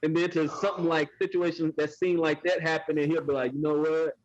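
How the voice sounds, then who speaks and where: A man's voice: a little high, level tone, fairly quick, highs cut off. A man chatting casually as a podcast guest, eager and laughing as he recalls scenes. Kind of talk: casual chat.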